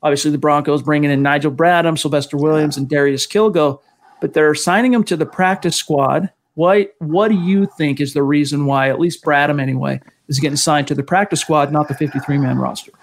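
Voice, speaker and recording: A man's voice: fairly high pitch, steady tone, a little fast. A man hosting a sports talk show, talkative and often restarting his sentences. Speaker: sports podcast host.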